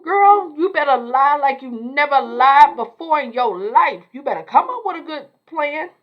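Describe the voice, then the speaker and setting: A woman's voice: high voice, animated, normal speed, highs cut off, voice pushed up. A woman voicing a sassy female friend who bluntly warns a coworker she is in trouble. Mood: scolding. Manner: blunt, scolding.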